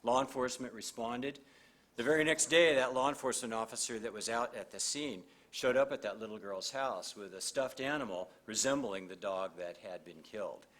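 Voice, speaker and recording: An older man, a district judge from Montana, giving a measured, earnest speech at a graduation ceremony and reading an oath at a podium microphone. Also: medium pitch, a bit bright. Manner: measured, earnest, with pauses and fillers.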